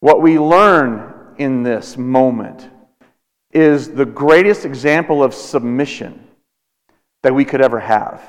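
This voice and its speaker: Pastor, thirties, deliberate sermon delivery with long pauses, big hall reverb. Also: male voice, medium pitch. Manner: slow, deliberate preaching with dramatic pauses.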